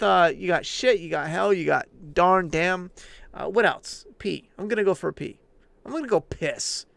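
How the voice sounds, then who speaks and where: This livestream host swears constantly while ranting emphatically but casually to his chat. His voice sits high with vocal fry and a fairly bright tone, and there's no echo.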